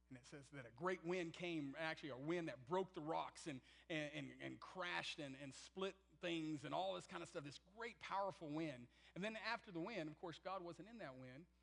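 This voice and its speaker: Male pastor, fairly high voice, emphatic sermon delivery with loud and hushed swings. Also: vocal fry, poor audio. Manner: emphatic, swings from loud to near-whispered, acts out quotes.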